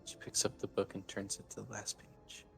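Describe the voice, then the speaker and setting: A man narrating his character's actions in a tabletop game, halting, with hesitations. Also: on the low side, monotone, creaky, soft background music. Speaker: player.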